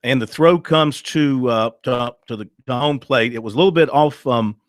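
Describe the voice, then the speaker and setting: A male sports radio host talking in a conversational way, recapping plays and filling gaps with little pauses. His voice sits in a middle register and sounds close and dry, with no room around it. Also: mid-range voice, no echo.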